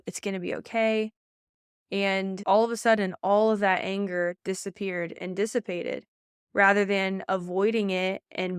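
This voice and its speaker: A woman speaks as a motivational coach on her podcast. Her voice is smooth and crisp and her pitch sits in the middle range. She talks emphatically, with repeated phrases and many fillers, and the recording is close and dry. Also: no room sound. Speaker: pageant coach and podcast host.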